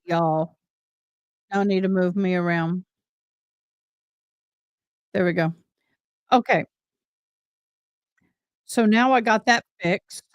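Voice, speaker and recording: A woman's voice: medium pitch, smooth, dry recording, clean studio sound. A woman from Missouri, hosting a livestream in a chatty, rambling, folksy way. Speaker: livestream host. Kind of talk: casual livestream chat.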